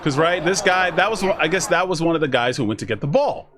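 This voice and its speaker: A man's voice: fairly high pitch, lively intonation, a little fast, background noise. A man talking casually to his chat while reacting to a video, rambling, restarting his sentences and acting out what other people said. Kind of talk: casual live reaction commentary.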